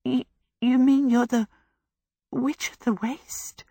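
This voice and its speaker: A woman's voice: a little high, moderate pace, fairly bright tone, no echo, clean studio sound, lightly acted. Timid storybook shop girl, quavery; woman narrator voicing her. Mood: frightened. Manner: flustered, quavering. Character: young female hat-shop girl, timid. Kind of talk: audiobook character voice.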